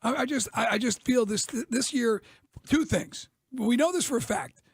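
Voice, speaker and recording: Gravelly high-voiced male radio co-host. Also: dry recording. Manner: quick banter with stammering restarts. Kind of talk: sports talk radio banter. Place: radio studio.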